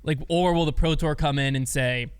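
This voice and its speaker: A man's voice: a little high, fairly even intonation, normal speed, clean tone, no echo, studio quality. A man co-hosting a podcast, talking casually and hesitantly with lots of fillers. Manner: rambling, hesitant, many fillers. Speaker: podcast co-host. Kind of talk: casual chat.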